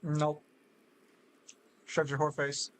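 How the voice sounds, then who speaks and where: A man streaming a game, talking in profane, animated banter while mock-arguing with friends. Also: fairly high pitch, extremely slow. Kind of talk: casual gaming banter.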